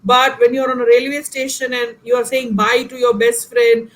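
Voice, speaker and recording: A woman's voice: on the high side, level tone, normal speed, rough recording. An Indian woman, a professor and guest speaker, answering questions in an online session in an emphatic, earnest way, speaking directly to her listeners.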